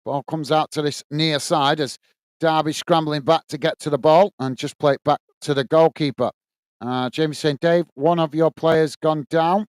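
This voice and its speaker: A man's voice: on the high side, steady tone, moderate pace, smooth, no echo. A man with a Lancashire accent hosting a live football watch-along, giving running play-by-play and reading viewer comments aloud in a friendly, matey way. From England.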